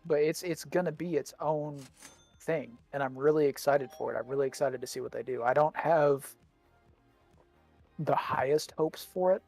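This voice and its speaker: A man's voice: fairly high pitch, moderate pace, vocal fry, a little mellow, soft background music. A man co-hosting a gaming podcast in casual chat, rambling and repeating words as he thinks, with the hiccups. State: has the hiccups. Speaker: podcast co-host.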